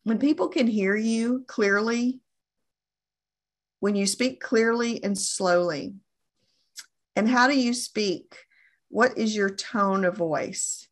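A middle-aged woman coaching on phone sales in an earnest, deliberate way, often repeating herself for emphasis. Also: medium pitch. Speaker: insurance sales trainer.

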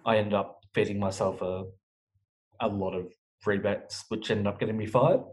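A man's voice: on the low side, steady tone, a little mellow, low-quality recording. Frank, cursing man. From Australia. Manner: frank, swears often, halting restarts. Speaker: guest. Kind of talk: candid interview talk.

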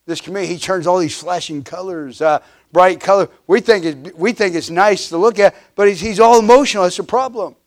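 A man in his fifties preaching a sermon, his voice sitting a little high for a man. He hammers on repeated refrains, climbing louder, then sinking low. He stumbles into restarts and uhs as he goes. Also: a little fast. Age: 50s. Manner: emphatic preaching with repeated refrains, swelling and dropping in volume; frequent restarts and filler uhs. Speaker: pastor.

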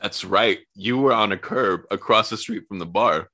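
A man's voice: on the low side, moderate pace, pushed and bright. A man co-hosting a podcast, recounting a night out step by step in casual chat. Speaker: podcast co-host.

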